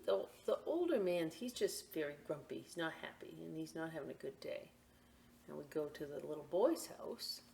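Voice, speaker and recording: A middle-aged woman reading a picture book aloud for a library storytime, animated and chatty with frequent asides to her young listeners. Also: low-pitched.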